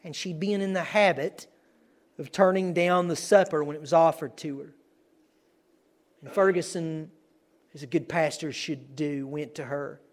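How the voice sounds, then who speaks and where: A man preaching as a guest, earnest and building to emphatic declarations. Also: fairly high pitch. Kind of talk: sermon.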